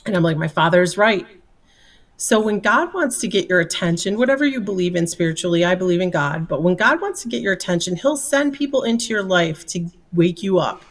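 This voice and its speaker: A woman's voice: on the low side, lively intonation, fairly quick, hardly any pauses, far from the mic. A middle-aged woman telling a personal story as an interview guest, earnest and candid, laughing easily.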